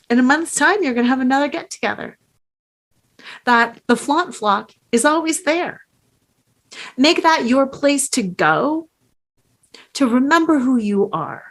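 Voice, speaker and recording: A middle-aged woman coach giving a slow, earnest motivational talk with strong emphasis. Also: high voice.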